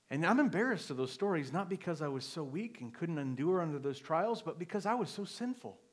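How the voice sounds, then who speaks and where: A middle-aged male pastor telling a personal story in a sermon, moving from quiet confession to emphatic preaching. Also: a little high.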